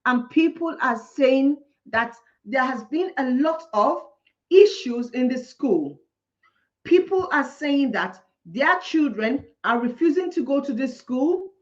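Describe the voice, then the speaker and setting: A woman speaks in a high voice, indignant and insistent as she rants like a teacher with a grievance. She repeats herself for emphasis. The recording sounds muffled and lo-fi. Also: expressive, slow pace. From Nigeria. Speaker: teacher and vlogger. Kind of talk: impassioned commentary. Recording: dull lo-fi recording.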